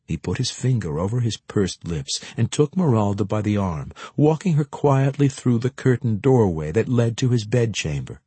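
A man narrating a story in an expressive reading style. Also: fairly low pitch, breathy edge, dry recording. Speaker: audiobook narrator. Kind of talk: scripted narration.

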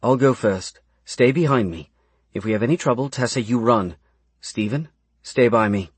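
A man's voice: mid-range voice, moderate pace, breathy edge, dry recording, lightly acted. A man voicing a fierce, guarded young woman in an audiobook, giving short commanding orders. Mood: urgent. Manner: terse, commanding.

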